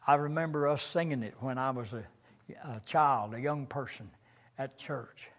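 An older man preaching a sermon in a slow, earnest way, reciting hymn lines with rising emphasis. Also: medium pitch.

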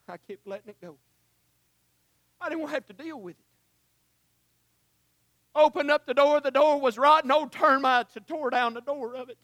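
A male preacher, delivering a sermon that swings from shouts to hushed, emotional asides and calls the listeners honey. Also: extremely high pitch, moderate pace, long pauses, no room sound.

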